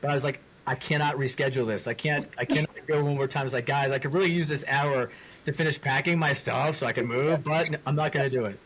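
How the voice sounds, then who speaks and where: A man co-hosting a podcast in casual chat, jokey and quick to laugh. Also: mid-range voice, steady tone, fairly bright tone, a little hiss or hum, rough recording. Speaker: podcast co-host.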